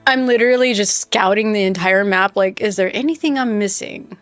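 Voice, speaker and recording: A woman's voice: medium pitch, brisk, no room sound, faint music behind. A woman streaming a game live, telling a rambling story in casual chat and talking back to her viewers. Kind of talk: casual chat while playing.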